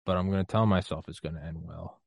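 A man's voice: deep voice, fairly even intonation, fast talker, gravelly, slightly rough, no room sound, clean studio sound. A man from the United States hosting a podcast, talking in a loose, rambling, self-deprecating way and laughing often. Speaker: podcast host. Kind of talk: casual conversational interview.

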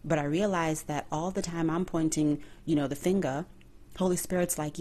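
A woman's voice: lowish voice, moderate pace, mellow. A woman hosting a faith-based podcast, talking earnestly and like a preacher, with rhetorical questions and direct address to her listeners. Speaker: podcast host.

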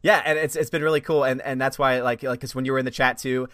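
Fast-talking man on a dry mic. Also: mid-range voice, no echo. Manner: rapid, animated, many fillers. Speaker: YouTuber host. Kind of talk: casual chat.

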